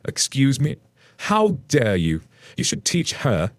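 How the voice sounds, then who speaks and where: A man's voice: mid-range voice, huge pitch swings, slow pace, no echo, voice pushed up. A man voicing a pushy, judgmental entitled mother in a story reading, with a nosy and scolding manner. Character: shrill, pushy middle-aged woman, an entitled mother.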